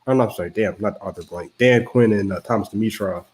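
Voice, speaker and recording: A man with a fairly low voice, hosting a relaxed post-game chat about his team's losses. His manner is dry and blunt, full of deadpan jokes. He talks casually, with plenty of "like" and filler. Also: fast, slightly rough. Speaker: podcast co-host.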